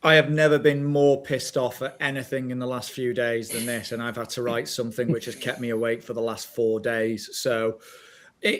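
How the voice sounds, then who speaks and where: A man hosting a casual podcast chat, ranting in exasperation and breaking into laughs. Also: mid-range voice. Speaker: podcast host.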